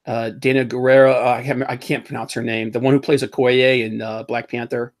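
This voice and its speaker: A man hosting a casual pop-culture podcast, rambling and animated, often laughing as he mocks what he talks about. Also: mid-range voice, a little fast. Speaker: podcast host.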